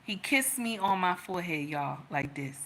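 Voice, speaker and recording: A woman's voice: on the low side, lively intonation, moderate pace, fairly bright tone. A woman giving relationship advice through a personal story, emphatic, repeating lines and calling her listeners y'all and baby.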